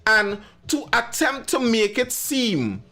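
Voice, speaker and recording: A man's voice: very high-pitched, big pitch swings, slow pace, pushed and bright, soft background music. A man hosting a live stream, giving emphatic commentary and answering viewers in the chat by name. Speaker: live show host.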